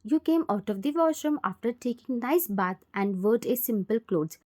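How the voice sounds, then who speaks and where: A woman narrating a fan fiction story in second person, in a plain, steady storytelling manner. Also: a little high, normal speed.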